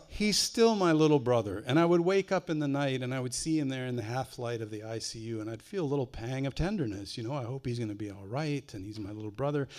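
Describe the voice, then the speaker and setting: Guy telling farm stories to a crowd, dry folksy humor, average pitch, goes quiet for the sad parts. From Wisconsin. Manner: folksy, dry humor, drops low and quiet on tender moments. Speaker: author giving a talk. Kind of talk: live storytelling to an audience. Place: library fine arts center before an audience.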